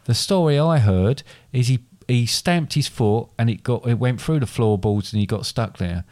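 A man's voice: medium pitch, normal speed, darkish tone, no room sound, studio quality. A man casually retelling a fairy tale in a chat, rambling and correcting himself as he goes. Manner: rambling, self-correcting storyteller.

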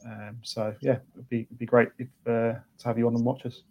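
A man appears as a guest on a football podcast and talks hesitantly, full of ums and false starts. His delivery stays flat and monotone. His pitch sits in the middle. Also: fairly quick, gravelly, dull audio. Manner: hesitant, many ums, restarts. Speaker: guest, fan channel presenter. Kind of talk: casual podcast interview.

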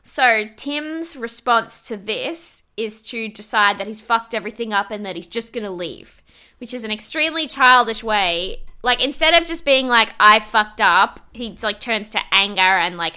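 A woman's voice: medium pitch, lively intonation, moderate pace, pushed and bright. A woman co-hosting a podcast, recapping a reality show in casual chat, laughing often and swearing freely. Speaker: podcast co-host.

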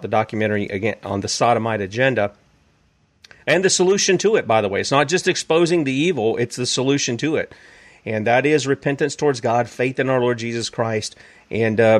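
A man's voice: medium pitch, brisk. A man with a Southern US accent hosting a talk show, speaking in a folksy, conversational way and plugging a product. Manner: folksy, conversational, frequent fillers. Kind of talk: casual radio-style commentary with product plug.

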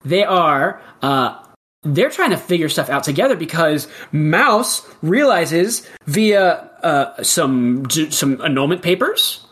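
A podcast co-host pitching a silly plot in loose comedic chat. Rambling, full of restarts, and quick with joking asides. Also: sing-song, fairly bright tone. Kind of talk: casual comedic storytelling.

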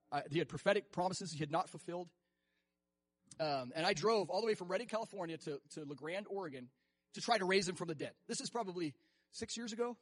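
A man preaching a sermon, animated and acting out quoted voices, often laughing. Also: sits high, no room sound.

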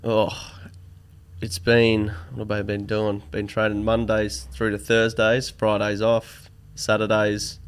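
Easygoing low-voiced man. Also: monotone, slow, clean tone. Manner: easygoing, short agreeing replies. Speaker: guest, personal trainer. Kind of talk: casual chat.

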